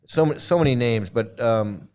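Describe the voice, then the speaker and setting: A man's voice: medium pitch, normal speed, a little mellow, smooth. A man hosting a casual monologue, talking emphatically and sarcastically and repeating his points. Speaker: host.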